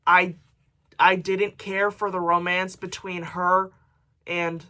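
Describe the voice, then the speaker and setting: A woman's voice: lowish voice, level tone, slow pace, bright, forceful tone. A woman book vlogger chatting casually to camera, reading book blurbs aloud with jokey asides.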